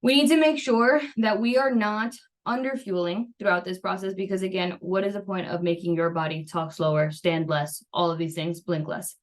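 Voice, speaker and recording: A woman's voice: fairly low pitch, steady tone, normal speed. Chatty young woman coaching on a call. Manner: chatty, filler-heavy, reassuring. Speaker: nutrition coach. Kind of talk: casual coaching talk over screen share.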